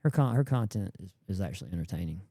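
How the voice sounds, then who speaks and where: A man's voice: low voice, animated, quick pace, mellow, breathy edge, dry recording, clean studio sound. A man, a YouTube creator chatting casually on a podcast, rambling and slangy and often repeating words.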